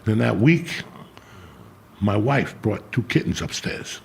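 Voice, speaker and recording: A middle-aged man with a deeply gravelly, rough-edged voice, spinning a blunt and profane story. He talks low and unhurried, like a host holding court. A faint hiss sits under the recording. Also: animated. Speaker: podcast host. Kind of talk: casual storytelling chat.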